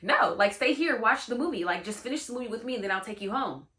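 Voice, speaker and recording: Woman acting out a preteen girl, nonchalant, clingy, pleading, bright voice. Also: on the high side, expressive, fast. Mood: offhand.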